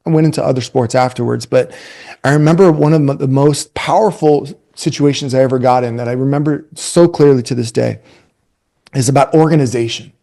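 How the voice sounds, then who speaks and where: A man in his forties giving a casual webinar talk to youth coaches, retelling stories in a conversational, energetic way. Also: medium pitch, fairly quick, vocal fry. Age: 40s.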